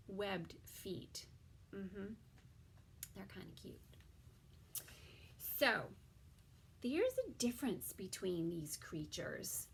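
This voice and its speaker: A woman teaching a toddler circle-time lesson, drawing out words slowly and often dropping into a soft whisper. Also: medium pitch, creaky, a little hiss or hum. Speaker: preschool teacher.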